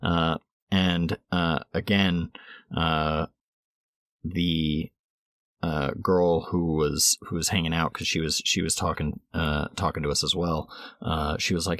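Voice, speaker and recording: Young male co-host, very low dry voice, rambling casual storyteller. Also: fairly even intonation, a little slow, a bit bright, dry recording. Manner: rambling, lots of restarts and quoted asides. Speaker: podcast co-host.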